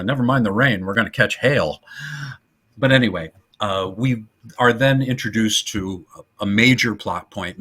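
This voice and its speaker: Husky man, bright tone, retelling comedy scenes with put-on voices, casual podcast talk. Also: fairly low pitch. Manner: animated retelling, acting out quotes in voices. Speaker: podcast co-host. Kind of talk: casual film discussion.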